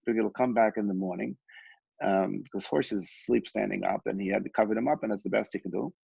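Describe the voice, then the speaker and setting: Gravelly man teaching a Torah lesson. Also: lowish voice, fairly even intonation, quick pace, a little mellow, no room sound. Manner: repetitive restarts, storyteller. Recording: dull, dry lo-fi recording.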